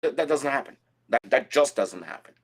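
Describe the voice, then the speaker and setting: A man chatting casually as a contestant on a whiskey show, animated and telling personal stories with frequent restarts. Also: mid-range voice, fairly quick, husky. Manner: animated, storytelling with repeated restarts. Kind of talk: casual chat.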